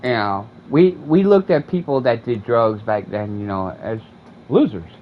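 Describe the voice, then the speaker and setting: A man's voice: medium pitch, a little slow. Profane, rambling man, lo-fi mic. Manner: profane, rambling, animated storyteller. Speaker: gaming streamer. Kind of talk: casual storytelling while playing. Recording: dull lo-fi mic with faint air conditioning hum.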